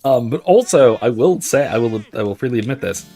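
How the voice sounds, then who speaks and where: A man's voice: mid-range voice, lively intonation, a little fast, warm tone, soft background music. A man hosting a gaming stream, rambling chattily and answering chat questions as he plays. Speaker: host. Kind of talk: casual commentary while playing a video game.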